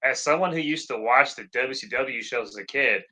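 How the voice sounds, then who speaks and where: A man's voice: medium pitch, a little fast, poor audio. A man co-hosting a wrestling podcast, ranting casually with some swearing. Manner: ranting, animated, profane. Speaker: podcast co-host. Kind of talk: casual chat.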